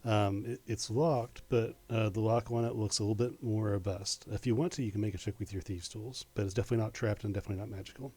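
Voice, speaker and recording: Hesitant mellow-voiced male game master. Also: lowish voice, fairly even intonation, breathy edge. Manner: halting, with many fillers and restarts. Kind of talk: narrating a tabletop game.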